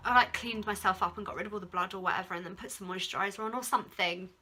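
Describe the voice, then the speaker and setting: A fast-talking young Englishwoman with a bright, forceful mid-range voice and fairly even intonation rambles to camera about an ordeal she lived through. It's a casual storytime vlog, thick with fillers and "like" and emotional at points, with a little hiss or hum in the audio.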